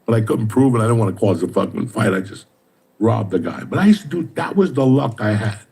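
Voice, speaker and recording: A man's voice: lowish voice, animated, fairly quick, gravelly, a little mellow, husky. A middle-aged man, telling profane, streetwise stories in casual chat. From New Jersey. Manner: streetwise, swears constantly, tells stories with mimicked dialogue.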